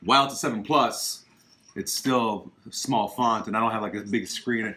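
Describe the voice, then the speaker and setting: A man's voice: fairly low pitch, moderate pace, pushed and bright. A man hosting a casual livestream from his living room, chatting about films with emphatic, opinionated asides. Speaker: podcast host.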